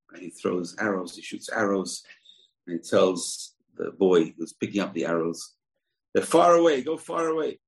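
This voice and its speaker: A man teaching a religious lesson, retelling a scripture story in a loose, animated way and acting out the characters' quotes. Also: low-pitched, rough recording.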